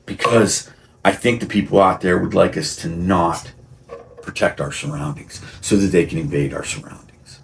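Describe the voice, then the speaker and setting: A man's voice: low-pitched, moderate pace, gravelly, slight background noise. A man talking to camera in a rambling personal monologue, repeating and restarting, working himself up into heated outbursts. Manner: rambling, gets heated and shouty; frequent restarts and repeated words. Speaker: vlogger.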